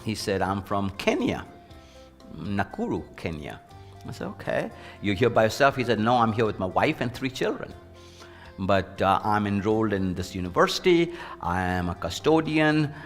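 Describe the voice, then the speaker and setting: A man and former university president tells an earnest personal story in an interview, lively whenever he quotes other people. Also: lowish voice, moderate pace, big-room sound, soft background music. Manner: earnest, anecdotal, animated when quoting others.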